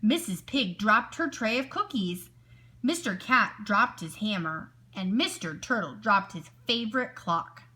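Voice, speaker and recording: A woman teacher reading a children's picture book aloud, expressive and stopping to ask her listeners questions. Her voice is bright and clear, and her pitch rises and falls with lively swings. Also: measured pace.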